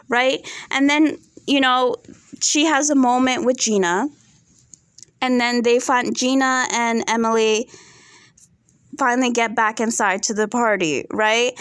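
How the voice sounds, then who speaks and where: High-pitched woman ranting about reality tv, chatty and opinionated, dry close sound. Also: no echo. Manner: chatty, opinionated, asks "right?" often. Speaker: reality TV reviewer. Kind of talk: casual commentary to camera.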